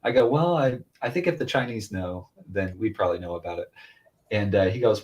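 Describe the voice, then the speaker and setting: A man in his thirties tells a long, rambling story in easy, casual chat. His voice sits fairly low, and he raises it whenever he quotes someone else. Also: brisk, a little mellow. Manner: rambling storyteller, loose and chatty, quoting others in a lifted voice. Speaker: podcast co-host, father.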